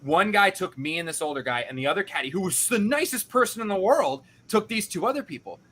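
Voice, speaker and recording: A young man hosts a casual podcast, recounting a story with animated, self-deprecating energy. His voice is bright and sharp-edged and sits a bit high. He slips into the voices of the people he quotes. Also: fast, slight background noise. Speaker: podcast host.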